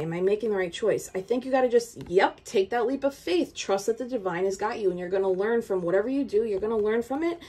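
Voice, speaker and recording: A woman's voice: medium pitch, dark tone, slightly rough. A woman giving a tarot reading straight to the viewer, urgent and emphatic, repeating her points. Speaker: tarot reader.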